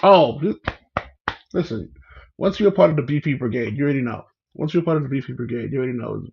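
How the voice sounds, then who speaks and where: A man's voice: medium pitch, expressive, fast, gravelly, husky, highs cut off. A man hosting a casual livestream, chatting and greeting viewers by name. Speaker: livestream host.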